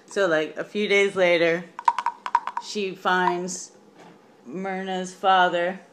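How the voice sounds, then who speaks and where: Low-voiced, halting student. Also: female voice, flat delivery, very noisy. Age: young adult. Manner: hesitant, many fillers, slangy. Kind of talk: casual homework retelling.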